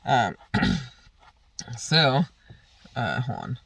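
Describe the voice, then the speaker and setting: A man's voice: medium pitch, huge pitch swings, drawn-out words, creaky, a bit bright, slight background noise. A young man casually telling a rambling, profane story on his vlog, often laughing. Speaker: vlogger.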